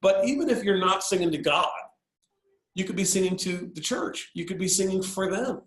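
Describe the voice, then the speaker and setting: A cool, unhurried pastor gently asks questions, as a man quotes him in a story. The delivery stays calm and plain, close to an everyday voice. A slight room echo hangs around it. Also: high voice, voice pushed up. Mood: calm, probing.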